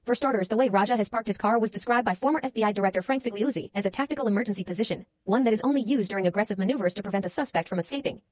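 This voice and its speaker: A woman's voice: mid-range voice, rapid-fire, few pauses, a little mellow, no room sound. A woman giving scripted true-crime narration in a pointed, sardonic tone.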